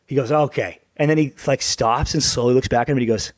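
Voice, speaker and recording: A young man co-hosting a hockey podcast who tells a long story in a rambling, animated way, swears freely and acts out what people said. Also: medium pitch, fast talker, dry recording. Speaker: podcast co-host. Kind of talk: casual storytelling chat.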